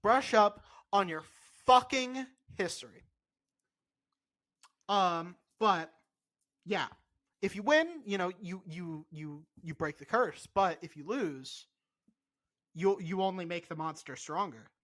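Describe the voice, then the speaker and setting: A man co-hosting a podcast in casual chat, animated and insistent, swearing freely. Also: sits high, slow. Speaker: podcast co-host.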